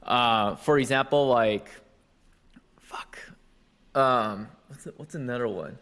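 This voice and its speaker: A young man from Taiwan co-hosting a podcast in casual chat, animated and swearing freely, slurring his words. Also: medium pitch, slow. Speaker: podcast co-host.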